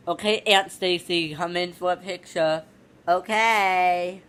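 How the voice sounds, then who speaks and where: A woman hosting a toy play vlog, directing the scene in a plain, unhurried way. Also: fairly low pitch, steady tone, a bit bright, clear, resonant tone.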